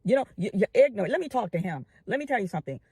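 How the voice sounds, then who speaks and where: A woman's voice: mid-range voice, sing-song, dark tone, breathy edge, no room sound. Woman commentator, impassioned, filler-heavy, repetitive, dry recording. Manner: repeats phrases, many drawn-out "um" fillers; addresses the audience as family. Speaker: online commentator and filmmaker. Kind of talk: impassioned address to online followers.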